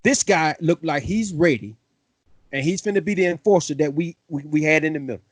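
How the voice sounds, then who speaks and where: A man hosting a sports fan show, excitable and playful, full of slang. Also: a little high, brisk, no echo. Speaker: host. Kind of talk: fan sports podcast talk.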